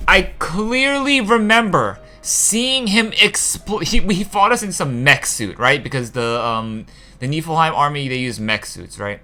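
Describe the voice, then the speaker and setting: A young man with a bright, forceful voice rants casually about a video game, swearing freely and wandering into asides as his frustration builds. Faint music plays softly behind him. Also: on the high side, expressive, a little slow. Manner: frustrated, profane, rambling with many asides. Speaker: gaming channel host.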